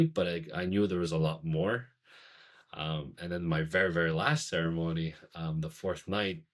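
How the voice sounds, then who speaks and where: Low-voiced man telling a story, rambling. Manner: rambling, heavy on "like", swearing, laughing. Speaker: podcast guest, former firefighter. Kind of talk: casual storytelling.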